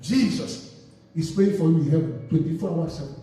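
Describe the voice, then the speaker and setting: A man's voice: on the high side, normal speed, warm tone, faint music behind. A male pastor preaching a sermon, asking the congregation to finish his sentences. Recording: echoey hall recorded from far off.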